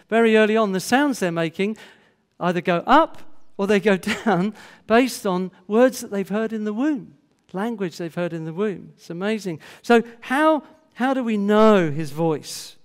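Older guy preaching in church, pretty high voice, chatty, asks the room questions, long reverb. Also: clear, resonant tone. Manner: conversational, asks the congregation questions. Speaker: pastor. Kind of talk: sermon. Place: church hall.

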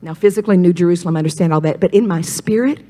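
A woman preaching a sermon, moving from loud, ringing declarations to hushed whispers and calling the congregation to repeat after her. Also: fairly low pitch, rapid-fire, faint music behind. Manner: calls congregation to repeat phrases.

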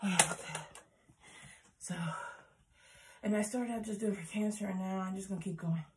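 A woman's voice: medium pitch, fairly even intonation, moderate pace, mellow, poor audio. A woman doing a casual workout vlog at home, counting squats aloud and cheering her viewers on while out of breath. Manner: encouraging, chatty, counts reps aloud. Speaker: fitness vlogger.

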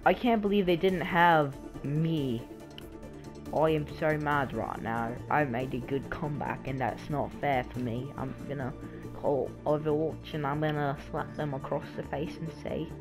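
A man's voice: fairly high pitch, steady tone, unhurried. A young man goofing around over game music. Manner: silly, playful, puts on a joke accent. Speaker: gamer. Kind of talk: casual gameplay commentary.

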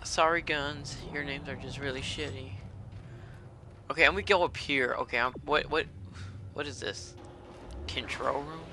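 A man commentating a horror game as he plays it, profane and excitable, often shouting at enemies. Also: fairly high pitch, normal speed. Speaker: gamer playing a horror game. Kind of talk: let's play commentary. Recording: game sound and noise behind.

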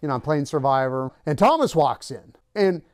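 A man hosting his channel tells a personal story in a conversational way, putting on the voices of the people he quotes. His slightly high voice is sing-song and smooth at normal speed, with studio-quality sound and no echo.

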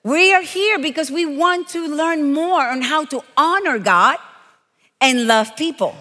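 A Puerto Rican woman, preaching as a guest, delivers a lively storytelling sermon in a high, bright voice at a measured pace. The sound has a big-room quality, and her style is animated, playful and emphatic, sprinkled with quoted asides.

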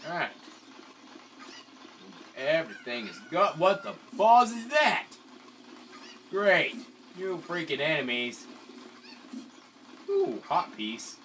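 A man casually commentating a video game he is playing, often excitable and given to sudden shouts. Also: medium pitch, slight background noise. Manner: excitable, swings from mumbling to yelling. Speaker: let's play commentator. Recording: distant mic with loud game music.

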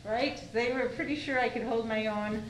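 A woman in her sixties telling a lively story on a panel, acting out what people said. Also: on the high side, normal speed. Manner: animated, acting out quoted dialogue. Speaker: former liaison team member. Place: museum event hall. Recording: echoey room, faint noise.

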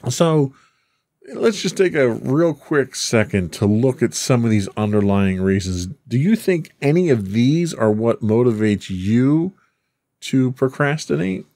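A man's voice: mid-range voice, expressive, measured pace, dark tone, dry recording. A man hosting a podcast, reading a script aloud between teasing, casual banter with his co-host.

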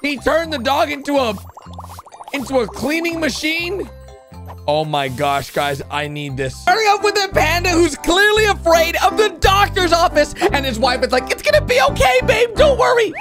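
An excitable man reacts to animated clips, his voice leaping wildly from low to high as he exclaims and calls out to his viewers. Music plays clearly beneath his talk. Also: moderate pace. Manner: excitable, exclamatory, talks to viewers as "bro" and "guys". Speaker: reaction video host.

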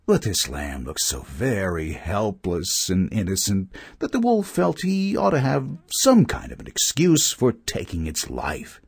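A man reads fables aloud for children, slowly and with a very animated, swooping delivery. His voice is a bit husky and close, with a dry sound. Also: lowish voice, no room sound. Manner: slow, expressive reading. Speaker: narrator. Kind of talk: storybook narration of fables.

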